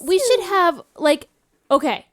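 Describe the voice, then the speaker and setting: A tired woman chatting as a podcast co-host in a high voice. She rambles and leans on lots of fillers. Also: very animated, slow pace, fairly bright tone. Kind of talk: casual chat.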